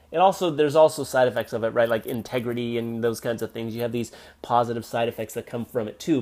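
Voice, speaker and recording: A medium-pitched man hosts a solo motivational podcast, speaking emphatically and repeatedly asking the listener "right?" His pace quickens and slows, and his volume swings between loud and soft.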